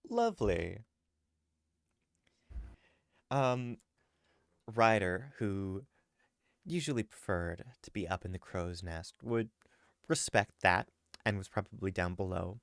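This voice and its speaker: A gravelly, fairly low male voice runs a tabletop game as game master, recapping events in a relaxed, joking way with plenty of ums and uhs. He is recorded dry and close, as if from a home setup on a voice call. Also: measured pace, no echo.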